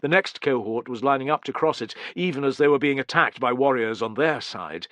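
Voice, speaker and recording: Bright-voiced male audiobook narrator. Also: medium pitch, brisk, dry recording. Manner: steady dramatic storytelling.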